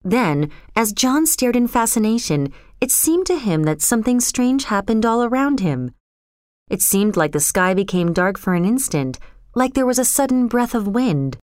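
Female audiobook narrator, smooth and crisp, measured delivery, dry close sound. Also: fairly high pitch, big pitch swings, a little mellow, no echo.

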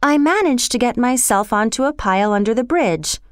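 A woman's voice: a little high, lively intonation, normal speed, clean tone, no echo, clean studio sound, voice pushed up, lightly acted. A woman voicing a proud, stubborn young girl who speaks coldly and firmly. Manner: cold, firm and formal.

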